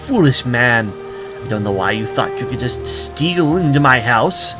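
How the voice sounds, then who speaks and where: A man reading a nymph, flat-voiced. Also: medium pitch, measured pace, over music, natural voice. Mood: commanding. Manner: read in a flat, tired voice. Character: female nymph, forest spirit guarding her tree.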